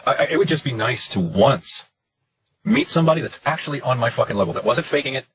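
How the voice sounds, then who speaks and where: A man's voice: mid-range voice, lively intonation, fast, a bit bright, slightly rough, dry recording, poor audio. A man in his late forties venting in a frustrated personal monologue, emphatic and profane, piling up lists of words. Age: 40s. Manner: emphatic, profane, repetitive listing.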